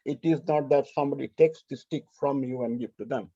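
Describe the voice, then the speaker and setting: A man's voice: medium pitch, fairly even intonation, a little fast, mellow, slightly rough, no echo, lo-fi sound. A man organizing a festival rehearsal, talking casually and rambling, often asking "you know what I mean", over a video call.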